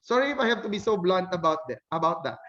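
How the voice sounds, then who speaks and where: High-voiced blunt male teacher, lo-fi. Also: big pitch swings, fast talker, sharp tone. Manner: blunt, self-correcting, acts out student questions. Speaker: English teacher. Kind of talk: online lesson lecture.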